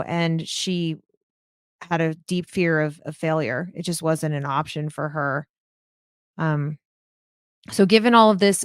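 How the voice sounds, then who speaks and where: A woman podcaster talking through a case in a thoughtful, hesitant way, often pausing on "um". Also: low voice, smooth, no echo, studio quality. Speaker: true crime podcaster. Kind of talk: casual podcast discussion.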